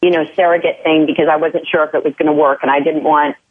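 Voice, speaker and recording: A woman's voice: low voice, fairly even intonation, fast talker, breathy edge. A woman guest in a casual chat who talks candidly and often restarts her sentences. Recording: tinny phone line.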